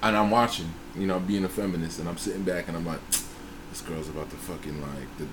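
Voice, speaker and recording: Profane, animated man telling a story. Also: sits low, quick pace, background noise. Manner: profane, animated retelling with acted-out quotes. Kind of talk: casual storytelling chat.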